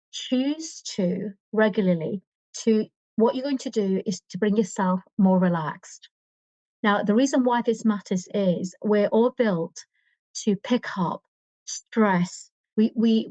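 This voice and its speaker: A woman's voice: medium pitch, a little mellow, dry recording, highs cut off. A woman guest expert giving conversational podcast advice on stress, with a coaching manner, frequent restarts and fillers.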